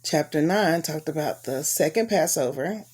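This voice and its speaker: A woman hosting a casual Bible reading, chatty and relaxed, recapping chapters between readings and sounding cold and sleepy. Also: deep voice, moderate pace, slightly rough. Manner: relaxed, chatty, with fillers and Southern US colloquialisms.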